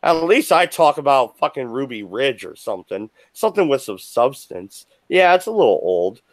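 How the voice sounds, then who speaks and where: A man hosts a live stream from his desk at home, a little buzzed and worked up. He rants in an angry, profane way, his pitch swinging widely from high outbursts to low grumbles. The sound is dry and close. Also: very animated, normal speed, no echo. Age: adult with children. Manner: angry, profane, swings between shouting and muttering. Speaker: livestream host.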